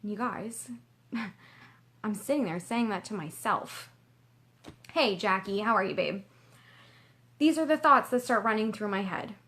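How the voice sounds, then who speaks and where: A woman's voice: mid-range voice, animated, measured pace, pauses often, fairly bright tone. A young woman from Canada telling a personal story to her vlog viewers, chatty and gushing, full of "like" fillers. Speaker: vlogger. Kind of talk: casual storytelling.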